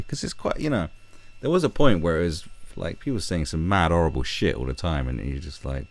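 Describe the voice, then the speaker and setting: A man's voice: extremely low pitch, lively intonation, a little fast. A British man hosting a livestream, reading news aloud and ranting about it in a sweary, exasperated way. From Britain. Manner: sweary, exasperated, reads articles aloud and riffs on them. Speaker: livestream host. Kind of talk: casual ranting commentary. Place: home, fiddling with a screwdriver.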